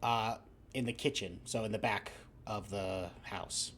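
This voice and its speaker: A man's voice: fairly low pitch, fairly even intonation, a little slow, a bit bright, slight background noise. A man narrating a tabletop game as game master, rambling through fillers and frequent laughter.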